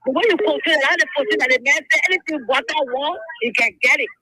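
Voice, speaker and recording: A man calling in to a radio show, rambling and halting with many fillers over a tinny phone line. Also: very high voice, pushed and bright, no room sound. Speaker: caller. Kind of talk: phone-in call.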